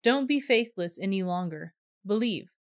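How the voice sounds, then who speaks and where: Gentle calm male teacher, read by a woman, close dry storybook read. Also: medium pitch, moderate pace, dry recording, natural voice.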